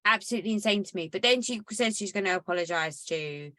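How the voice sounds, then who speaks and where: A woman's voice: mid-range voice, animated, quick pace, pushed and bright, no room sound. A woman co-hosting a podcast, chatting casually and bluntly, swearing freely as she recaps a reality show. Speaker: podcast co-host. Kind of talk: casual chat.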